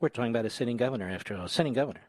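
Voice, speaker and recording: A man's voice: medium pitch, animated, very fast, darkish tone, no room sound. A man in his sixties with an American accent, hosting a talk radio show, sarcastic and mocking, working himself up into angry rants. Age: 60s. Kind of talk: combative talk radio monologue. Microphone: studio microphone.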